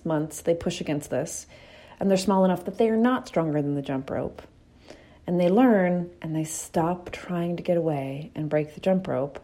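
Hosting a reflective motivational talk, a woman speaks with a fairly low pitch and a dark tone. She shares candid stories casually, like a storyteller, now and then dropping a swear word.

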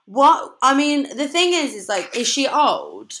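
A woman's voice: high-pitched, a little slow, slight background noise. A woman co-hosting a casual chat, blunt and outspoken in her stories. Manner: blunt and outspoken, lively storytelling. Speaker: podcast co-host.

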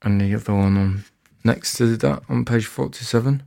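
Slow, gravelly deadpan man. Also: mid-range voice. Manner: slow, dry and understated. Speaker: spoken-word comedian reading his own writing. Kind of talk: deadpan spoken-word comedy. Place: late-night indoor recording session.

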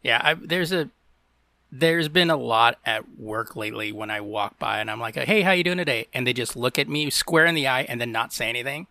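A male podcast co-host in casual chat, easygoing and quick to laugh. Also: mid-range voice, pushed and bright, dry recording, clean studio sound. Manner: laughs often, easygoing and chatty.

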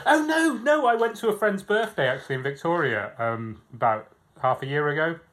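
A man's voice: a little high, sing-song, fairly quick, a bit bright. A man co-hosting a casual pub podcast, sweary and playfully combative. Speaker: podcast co-host.

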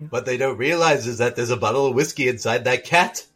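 A podcast host riffing on a movie in casual chat, excitable and prone to high shrieking laughter. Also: brisk, slightly rough.

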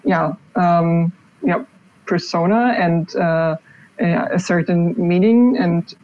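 Woman, guest, very slow, hesitant, lowish voice, muffled lo-fi audio. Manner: slow, hesitant, many ums and uhs. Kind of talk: casual interview answer.

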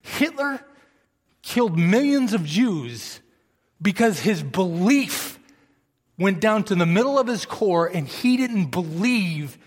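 A man's voice: high voice, big-room sound. A man preaching a sermon, passionate and emphatic, saying he is fired up rather than angry.

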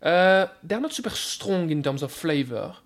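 A man with a French accent speaks in a high voice as a radio guest. He explains with animated energy and keeps repeating words at the start of his sentences. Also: moderate pace. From France. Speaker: food scientist guest. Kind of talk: radio interview.

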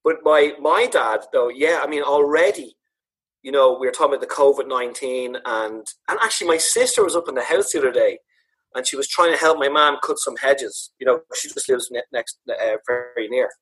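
Comedian, man, husky voice, chatty, animated storyteller. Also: mid-range voice, a little fast. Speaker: podcast co-host, comedian. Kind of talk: casual chat.

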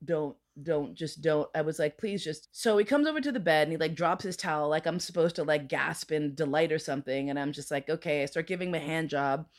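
Casting: woman, lower register, lively raconteur who swears and acts out everyone's lines. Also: a little fast, few pauses. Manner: animated, acts out voices in quotes, swears freely. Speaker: podcast guest. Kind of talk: casual storytelling chat.

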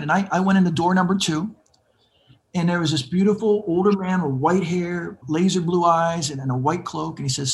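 A man's voice: on the high side, normal speed, slight background noise. A man in his fifties telling his recovery story as an interview guest, acting out the voices of people he quotes.

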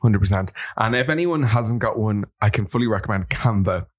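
A man's voice: on the low side, animated, fairly quick, a little hiss or hum. A man with an Irish accent, co-hosting a podcast in casual chat, blunt and playfully sweary. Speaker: podcast co-host.

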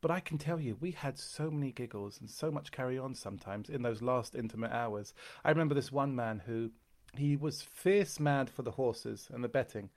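Animated Irish man telling stories. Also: medium pitch, moderate pace. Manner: animated raconteur, slips into character voices. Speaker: guest comedian. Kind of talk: conversational storytelling.

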